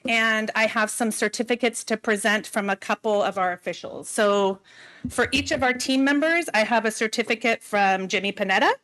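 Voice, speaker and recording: A woman addresses a school board meeting with updates and recognitions. She sounds warm and slightly emotional, filling her pauses with "um"s. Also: on the high side. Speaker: school district administrator. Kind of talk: meeting announcements.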